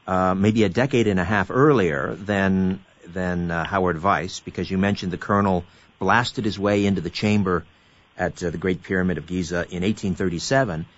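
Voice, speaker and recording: A man hosting an interview, asking questions and summing up his guest's points in a measured way. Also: deep voice, fairly even intonation. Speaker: host. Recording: dull lo-fi audio.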